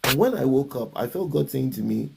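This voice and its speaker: A man's voice: mid-range voice, lively intonation, fairly quick, creaky, a crowd in the background. A man sharing a personal faith story in conversation, reflective and a bit hesitant. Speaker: guest.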